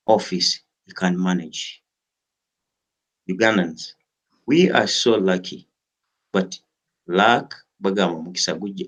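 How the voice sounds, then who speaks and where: Earnest low-voiced political commentator man. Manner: earnest, rallying. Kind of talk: speech to the audience.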